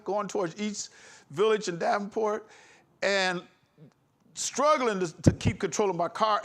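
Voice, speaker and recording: Man preaching, really high voice, slow and emphatic, gets fired up. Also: a bit bright. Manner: impassioned, emphatic, with laughs. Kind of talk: sermon. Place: congregation hall.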